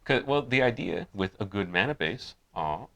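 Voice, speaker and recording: A man's voice: lowish voice, expressive, vocal fry, a bit bright, a little hiss or hum. A man co-hosting a casual chat, explaining points with frequent stumbles and restarts. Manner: halting, stumbles over restarts while explaining. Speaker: podcast co-host.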